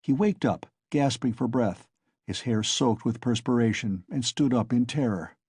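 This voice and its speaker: Brief: male novel narrator, husky, dry close-mic read, steady pace. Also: medium pitch, normal speed, no echo. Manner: steady storytelling. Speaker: audiobook narrator. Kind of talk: scripted narration.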